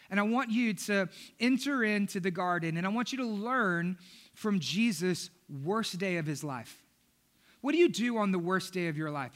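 Male pastor, high and bright, emphatic sermon preaching. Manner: energetic, repetitive emphatic preaching, acting out the disciples.

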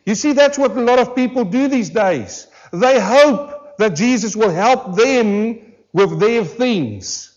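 A pastor preaching a sermon to a church congregation, emphatic and full of rhetorical questions, slowing down hard on key words. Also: male voice, high voice, lively intonation, highs cut off. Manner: emphatic, with rhetorical questions and slowed, drawn-out stresses. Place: church service.

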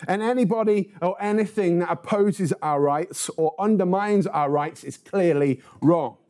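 Mellow-voiced man preaching with humor. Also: high-pitched, unhurried. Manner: humorous storytelling. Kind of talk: sermon.

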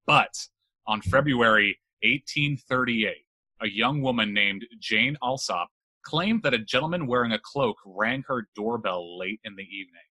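A podcast host tells a spooky legend in a low, unhurried voice with a sharp tone, on a dry recording. He keeps the chat casual and joking, swearing freely and laughing as he tells it.

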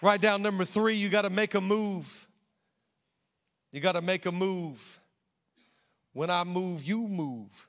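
A male pastor preaching a sermon in a church, energetic and emphatic, rallying the congregation. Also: high-pitched, slow, long pauses, long reverb tail, some chatter behind.

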